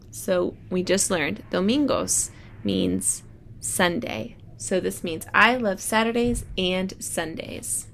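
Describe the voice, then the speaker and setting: A woman's voice: mid-range voice, slow pace, vocal fry, a bit bright, slight background noise. A woman teacher reading a picture book aloud to children, thinking aloud as she models how to work out unfamiliar words. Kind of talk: read-aloud lesson for children.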